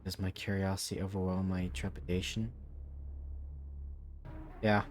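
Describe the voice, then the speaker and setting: A man's voice: low voice, little pitch movement, a little slow, soft background music. A man streaming a game, making casual, wry, sometimes profane comments and reading the story text aloud with drama.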